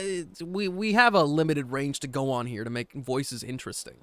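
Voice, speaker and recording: A man's voice: fairly high pitch, expressive, quick pace, few pauses, a bit bright, dry recording. A man streaming a game and chatting casually, a rambling, self-deprecating overthinker. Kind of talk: casual gaming stream chat.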